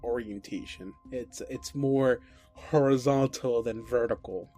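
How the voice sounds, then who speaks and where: A man's voice: medium pitch, a little slow, warm tone, faint music behind. A man running a tabletop game as game master, rambling and restarting while he teases his players. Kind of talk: running a tabletop game over casual chat.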